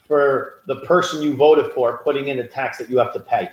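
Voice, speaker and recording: A man's voice: mid-range voice, brisk, hardly any pauses, muffled recording. A man co-hosting a podcast in casual political chat, telling stories and building into emphatic rants. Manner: animated storyteller, rising emphatic rants. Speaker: podcast co-host. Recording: roomy echo.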